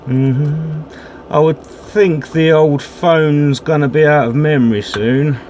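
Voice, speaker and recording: A man's voice: a little high, fairly even intonation, slow pace, a little mellow. Man, casual workshop commentary, mutters and curses mid-task, noisy room behind. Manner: chatty, muttering and humming while working, swears casually. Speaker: DIY video maker.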